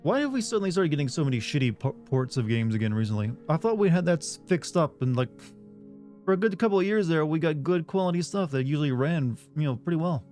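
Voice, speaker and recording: A man's voice: a little high, animated, fast, darkish tone, soft background music. A man from the US South, with no regional accent, streaming a game and chatting casually, reading viewer messages aloud and answering them in a rambling way. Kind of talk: casual live-stream chat.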